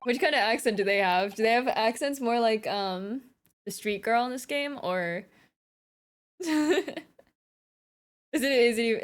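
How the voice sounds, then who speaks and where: A woman with an American accent chatting casually and giggling as she plays through a story game on stream. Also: medium pitch.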